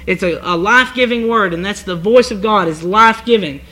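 Earnest high-voiced male preacher. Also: sharp tone, low-quality recording. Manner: earnest, halting, many restarts and fillers. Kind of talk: sermon reading scripture and expounding.

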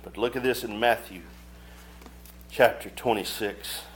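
A man preaching a sermon, reading scripture aloud and breaking into fervent, sudden loud surges with quick casual asides. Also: fairly low pitch, slight background noise. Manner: reads scripture aloud in old-fashioned phrasing.

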